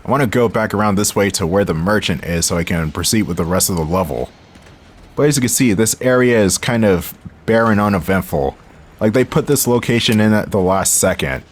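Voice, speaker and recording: A young gaming channel host offers wry, laid-back let's-play commentary while playing, speaking straight to his viewers. His voice is lowish, animated, and fairly quick.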